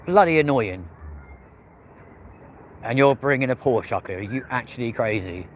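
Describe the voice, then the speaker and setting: A man's voice: mid-range voice, normal speed, phone-quality sound. Chatty man streaming plane-spotting. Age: early 30s. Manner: chatty, excitable, greets chat viewers by name. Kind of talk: live commentary and chat with viewers. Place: outdoors near a busy airport and street. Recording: outdoor stream with loud traffic and urban noise.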